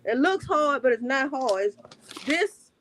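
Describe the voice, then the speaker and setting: A woman's voice: high voice, lively intonation, slow, fairly bright tone. A woman with a country American accent demonstrating crochet stitches on a livestream, explaining step by step and repeating her points. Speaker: crafter guest. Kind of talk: casual crafting demonstration.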